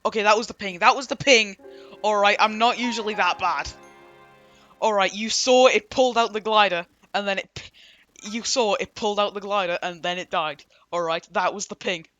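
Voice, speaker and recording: Bright-voiced chatty English guy gaming. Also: high voice, steady tone, normal speed, no room sound, highs cut off, soft background music. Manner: chatty, rambling, jokey. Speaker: gameplay streamer. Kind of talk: casual let's-play commentary.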